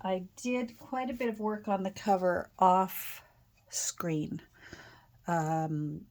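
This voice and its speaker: Slow, chatty Canadian woman crafter. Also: medium pitch, animated, darkish tone. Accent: Canadian, Ontario. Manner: rambling, chatty, with fillers and self-corrections. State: voice slightly off after a sore throat. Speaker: crafter and channel host. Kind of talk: casual chat while crafting. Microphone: own external microphone.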